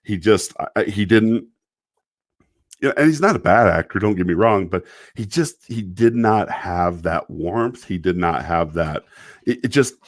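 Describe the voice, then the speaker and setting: A man's voice: low-pitched, lively intonation, a little slow, dry recording, studio quality. A man casually reviewing a TV episode on a live stream, rambling, often breaking into laughter and apologizing. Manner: quotes characters in mock voices.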